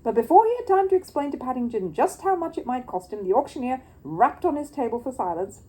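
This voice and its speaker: Woman storyteller, children's book reading, expressive and lively, mellow tone. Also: sits high, fast, low-quality recording.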